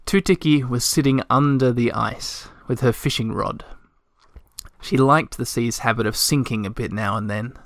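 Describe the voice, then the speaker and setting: Man narrating a storybook, gentle and measured, dry close sound. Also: medium pitch, no echo. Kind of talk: storybook reading.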